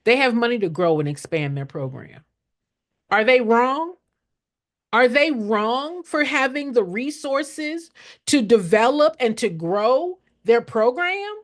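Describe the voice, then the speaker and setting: A woman's voice: a little high, lively intonation, takes it slowly. Older lady giving it straight, preachy and repetitive, swoops up and down a lot. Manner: blunt, preachy, repeats lines for emphasis. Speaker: nonprofit consultant. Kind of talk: direct motivational teaching to camera.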